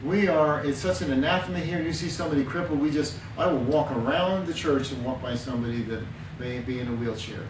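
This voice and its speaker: A man's voice: on the high side, fast, hardly any pauses. A man speaking as a counselor in an earnest conversational teaching talk, repeating words for emphasis. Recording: roomy, distant mic with background noise.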